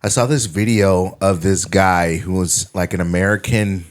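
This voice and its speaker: A young man co-hosting a casual podcast, telling a story and acting out the people in it with lots of laughter. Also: moderate pace. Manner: animated, acts out quoted people in a high yelling voice, laughs often. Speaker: podcast co-host.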